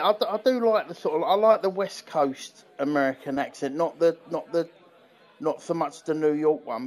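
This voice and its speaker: Hesitant British man, higher voice. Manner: hesitant, restarts often, animated when quoting. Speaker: podcast co-host. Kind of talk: casual chat.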